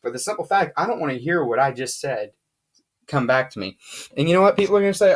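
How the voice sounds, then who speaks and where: A lively, emphatic explainer walks through radio gear in a casual whiteboard lesson. The voice sits at an ordinary middle pitch and keeps hammering points home by repeating them. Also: fast, background noise.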